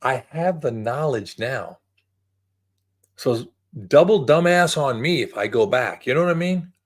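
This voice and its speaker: A man's voice: medium pitch, expressive, unhurried. A man in his early sixties talking to camera in a casual, rambling, reflective way, often repeating words. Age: 60s. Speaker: vlogger.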